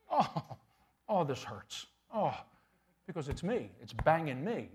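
A middle-aged male pastor preaching a sermon in a church, animated and conversational, with humorous asides. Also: on the high side, breathy edge.

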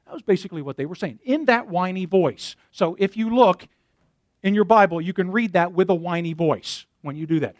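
A man's voice: sits high, lively intonation, fairly quick, no room sound, clean studio sound. A man preaching a sermon, talking to his congregation and reading scripture aloud to them. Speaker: pastor.

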